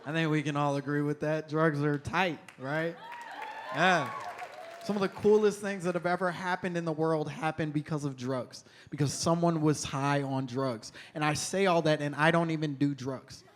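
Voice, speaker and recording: A man's voice: on the high side, fairly even intonation, normal speed, some chatter behind, a little hiss or hum. A young man doing stand-up comedy in a wry, chatty way, chuckling at his own lines on a stage mic. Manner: wry, conversational, laughs at his own jokes. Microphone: handheld stage mic.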